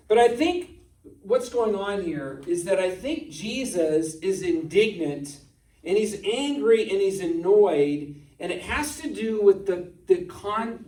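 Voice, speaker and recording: A male pastor giving a sermon in a relaxed, conversational way, often putting rhetorical questions to his congregation. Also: high-pitched. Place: church sanctuary. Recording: echoey church room, distant mic.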